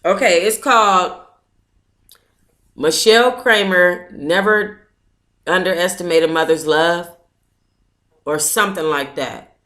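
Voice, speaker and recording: A woman hosts a casual online book club chat with a bright, clear tone. She talks slowly and mutters to herself, then breaks into excitable, dramatic outbursts. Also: lowish voice.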